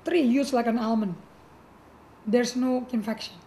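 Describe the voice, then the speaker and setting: A middle-aged woman pastor with a high voice tells her own story. She speaks animatedly, often restarting her sentences and acting out what others said. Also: a little slow, a little hiss or hum. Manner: animated, acts out quoted voices, frequent restarts. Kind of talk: personal testimony storytelling.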